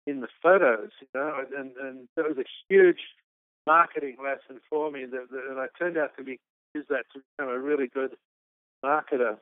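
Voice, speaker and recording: A man's voice: on the high side, smooth, dry recording. A man from Australia, a business founder, telling his story in an interview, rambling and restarting often. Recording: phone-like narrow-band line.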